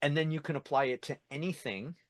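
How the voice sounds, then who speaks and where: A man's voice: fairly high pitch, fast talker, no room sound. A man hosting an interview podcast, talking in a reflective, thinking-aloud way. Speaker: podcast host. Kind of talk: conversational interview.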